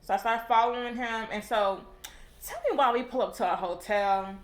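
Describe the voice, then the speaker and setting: A woman's voice: on the high side, moderate pace, a little hiss or hum. A young woman casually telling a storytime, rambling with lots of fillers and heavy swearing. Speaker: vlogger. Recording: echoey room.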